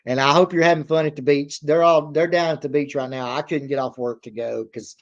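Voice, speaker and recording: A man's voice: on the high side, steady tone, a little fast, lo-fi sound. A man, chatting casually as a livestream host, rambling in a folksy way, laughing often and reading viewer comments aloud.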